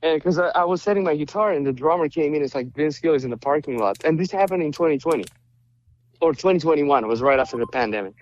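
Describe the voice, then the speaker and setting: A man from Romania, guest on a podcast, tells his stories with energy and slips into the voices of the people in them. His voice sits a little high. The recording sounds dull and lo-fi. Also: fast talker, slight background noise. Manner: animated storyteller, acts out quoted dialogue. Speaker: guest musician. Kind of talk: casual interview chat.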